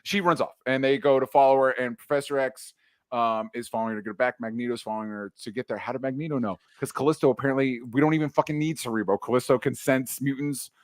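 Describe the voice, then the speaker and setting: Male podcast co-host, loose and casual, cusses a lot, mid-pitched voice, dry recording. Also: quick pace, no echo. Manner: relaxed, loose, swears freely. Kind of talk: casual movie recap chat.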